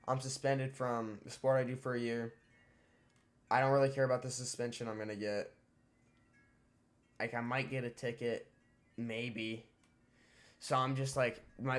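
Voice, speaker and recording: A man's voice: medium pitch, fairly even intonation, normal speed. A teenage boy streamer telling a story casually, profane and rambling with lots of fillers. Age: teens.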